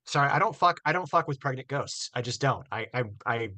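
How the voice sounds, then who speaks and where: A man in loose, profane casual chat as a guest, joking and quick to laugh while reading ghost stories aloud. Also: medium pitch, expressive, pushed and bright, no room sound. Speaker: guest co-host.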